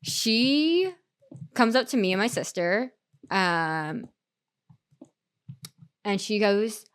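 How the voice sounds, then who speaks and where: Brief: young woman streamer, chatty rambling storyteller, bouncy lively intonation. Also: mid-range voice, extremely slow, smooth. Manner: rambling, full of "like" and restarts. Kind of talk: casual storytelling chat during a game stream.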